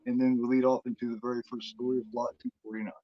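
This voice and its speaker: A man's voice: mid-range voice, level tone, racing. Rambling man retelling a film, lo-fi. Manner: rambling, full of fillers and restarts. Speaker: podcast co-host. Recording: dull dry lo-fi recording.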